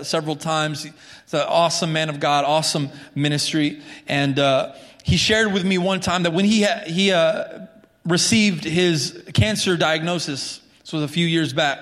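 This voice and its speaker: A man's voice: fairly high pitch, fairly bright tone. A man preaching a sermon as pastor, conversational with frequent restarts and casual asides. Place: church. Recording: long church reverb.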